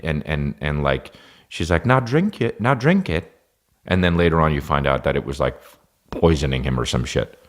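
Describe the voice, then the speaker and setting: A man's voice: low-pitched, a bit bright. A man hosting a podcast, ranting casually with heavy profanity, rambling and restarting his sentences. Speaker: podcast host. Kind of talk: casual comedic rant.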